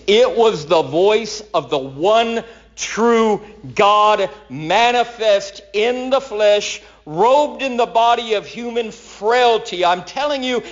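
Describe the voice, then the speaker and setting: A man preaching a sermon, storytelling dramatically and swinging from loud declarations to hushed tones. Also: sits high, lo-fi sound.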